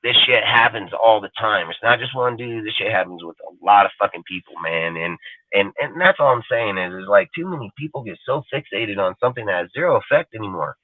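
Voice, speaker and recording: A man's voice: fairly low pitch, expressive, fairly quick, no room sound. A man on a live sports fan show, ranting bluntly in profane, slangy street talk about his team. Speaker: podcast co-host. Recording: tinny phone-line audio.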